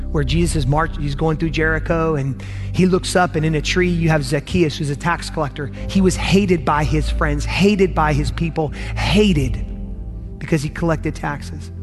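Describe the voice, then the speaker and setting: Earnest preaching man, slightly high voice. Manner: earnest, emphatic preaching with repetition. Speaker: pastor. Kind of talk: sermon.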